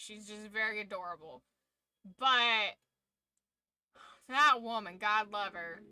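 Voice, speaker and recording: A woman's voice: fairly high pitch, sharp tone, smooth, no echo, poor audio. A woman streamer chatting casually with her viewers, rambling and chatty, swearing freely and trailing off mid-thought. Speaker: streamer hosting a watch-along. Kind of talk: casual live chat.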